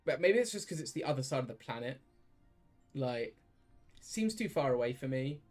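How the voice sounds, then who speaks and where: A man's voice: medium pitch, sing-song, moderate pace, darkish tone, soft background music. A young British man with a British accent, chatting casually and rambling to his chat while streaming a game, full of restarts. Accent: British English. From Britain.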